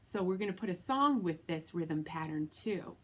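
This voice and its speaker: A woman's voice: on the low side, lively intonation, normal speed. Patient woman music teacher. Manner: patient, clear explaining, speaking rhythm syllables aloud. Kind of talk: recorded online lesson for children.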